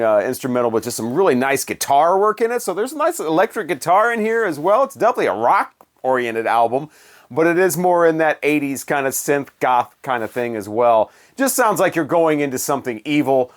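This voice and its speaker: Rambling man chatting about old records. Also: mid-range voice. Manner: rambling, self-correcting, jokey. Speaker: music reviewer. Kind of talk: casual album review chat.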